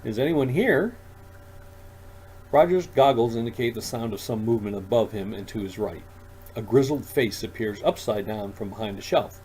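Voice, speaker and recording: A man, an author, reading his own science fiction story aloud in a calm, even storytelling manner. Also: fairly low pitch, a little fast, a little hiss or hum, rough recording. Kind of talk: audiobook narration.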